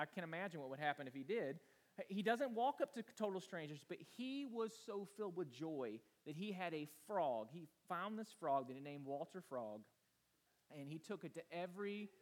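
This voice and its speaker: A man in his thirties, a pastor, preaching an earnest, rambling sermon told through family stories. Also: high-pitched. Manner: earnest, rambling storytelling with restarts.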